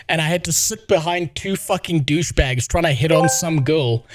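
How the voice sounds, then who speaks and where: A man's voice: fairly high pitch, fairly even intonation, normal speed, no echo, studio quality, faint music behind. A man in his thirties with a South African accent, telling an exasperated, profane story to his stream chat. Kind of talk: casual ranting to stream chat.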